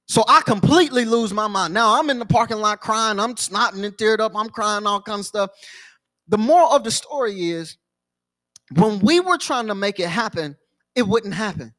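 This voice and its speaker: Pastor, young adult man, high voice, sermon storytelling with repeated phrases. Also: normal speed, a bit bright.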